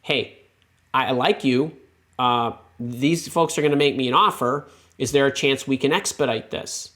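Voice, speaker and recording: A man coaching on job interviews, speaking in a lively, emphatic way with frequent restarts. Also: mid-range voice, measured pace. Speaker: career coach answering a viewer question. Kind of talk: casual advice talk.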